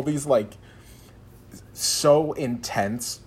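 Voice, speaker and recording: A man hosting a casual film chat, animated, laughing often and acting out quotes. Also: mid-range voice, normal speed, husky.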